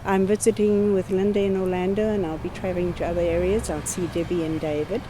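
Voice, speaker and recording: A woman's voice: lowish voice, flat delivery, fairly quick, background noise. An older woman from Africa, giving an earnest, heartfelt missionary update and repeating her thanks. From South Africa. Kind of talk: personal ministry update.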